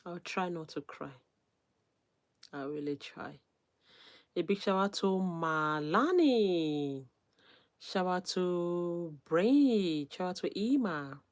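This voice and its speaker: Casting: female streamer, low voice, soft near-whispered asides, live shout-outs. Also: expressive. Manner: reads viewer names, gives shout-outs; soft, unhurried, drops to near-whisper at times. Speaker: YouTuber hosting a livestream. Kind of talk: casual livestream chat, reading comments.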